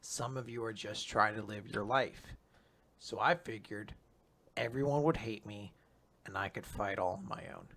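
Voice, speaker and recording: A man reading a weary, guilt-ridden male gunman's lines in a quiet, subdued, confessional way. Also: on the low side, normal speed, pitched below the performer's own voice. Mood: somber.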